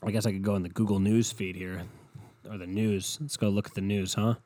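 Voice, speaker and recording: A man's voice: fairly low pitch, level tone, fairly quick, dark tone, no room sound. Profane sarcastic young man ranting solo. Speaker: podcast host. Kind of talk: casual solo podcast rant.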